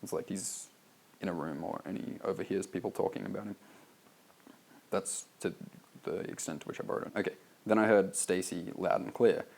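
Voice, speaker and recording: An Australian man with a low, gravelly voice reads through his sales copy and picks it apart as he goes. His delivery is loose and offhand, peppered with "like" and the odd swear word. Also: fairly even intonation, moderate pace, a little mellow. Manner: loose and casual, heavy on "like", swears freely. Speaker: copywriter reviewing a sales letter. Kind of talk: reading aloud and critiquing his own copy.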